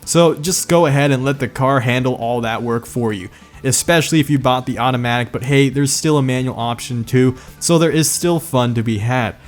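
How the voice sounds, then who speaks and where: A man with a mid-range voice narrates a scripted car video a little fast, joking and sarcastic throughout. A medication-induced slight lisp colors his speech, and faint music plays behind him.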